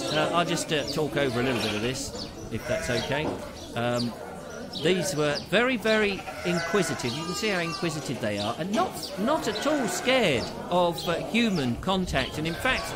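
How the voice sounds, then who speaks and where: A middle-aged man hosting a live online show, chatting to viewers with theatrical, teasing jokes and asides. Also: fairly high pitch. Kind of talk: chatty live-stream monologue.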